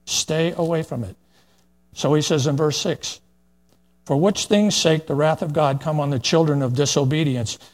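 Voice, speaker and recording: A man's voice: on the high side, normal speed. An older man preaching a plain-spoken, folksy verse-by-verse sermon, with asides and fillers as he reads scripture.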